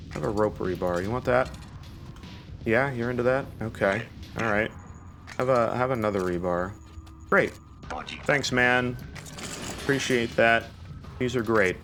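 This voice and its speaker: Here a young man with a mid-range, slightly bright voice narrates his own gameplay, panicking, rambling and laughing nervously to himself. He's a gaming YouTuber doing live commentary.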